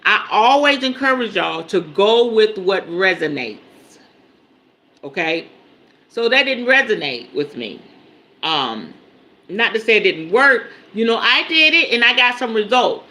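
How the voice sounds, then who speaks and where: A woman gives a spiritual teaching on a livestream in a medium-pitched, pushed, bright voice with big pitch swings, speaking a little slowly. She chats conversationally, often checks in with her audience, and repeats key points for emphasis.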